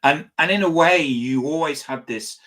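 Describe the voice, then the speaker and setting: A man hosting an interview, introducing his guest in a halting way with repeated words and restarts. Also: a little high, a bit bright. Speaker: host. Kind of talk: casual interview chat.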